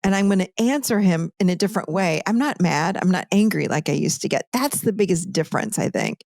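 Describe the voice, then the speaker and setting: A woman's voice: lowish voice, expressive, a little fast, creaky, darkish tone, no echo, studio quality. A woman coach talking emphatically in a casual interview, repeating her points for stress.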